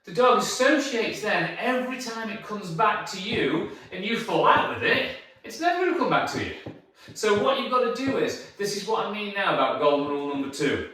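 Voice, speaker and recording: A man's voice: high voice, very animated, a little fast, sharp tone. A man who trains dogs, explaining his rules to the camera in an emphatic, repetitive way, and praising the dog in a coaxing sing-song. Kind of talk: instructional talk to camera. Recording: very echoey, distant from the mic.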